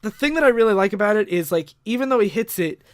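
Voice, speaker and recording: A man's voice: high-pitched, lively intonation, fast talker, dry recording, clean studio sound. A man co-hosting a casual podcast, animatedly retelling a comic story and swearing freely. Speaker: podcast co-host. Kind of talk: casual chat recapping a comic.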